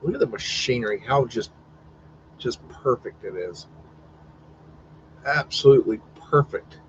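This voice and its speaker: A man's voice: medium pitch, expressive, measured pace, lo-fi sound, a little hiss or hum. A man hosting a casual live stream, commenting on old photos in a rambling, profane, wondering way. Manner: rambling, profane, wondering aloud, teasing his dog.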